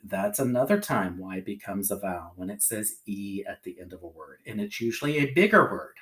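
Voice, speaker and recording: A man teaching a children's phonics lesson, sounding out letters slowly and patiently, often checking in with "okay" and "alrighty". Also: fairly low pitch.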